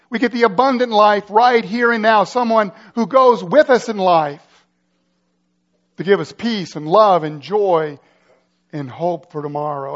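High-pitched male pastor preaching, dramatic, lots of questions, kinda dull lo-fi sound. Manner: dramatic, builds urgency with rhetorical questions. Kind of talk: sermon.

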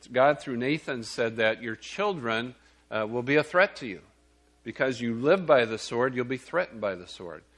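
A man's voice: medium pitch, fairly bright tone. A man preaching a sermon in a plain, conversational way. He checks in with his listeners and sometimes restarts a phrase.

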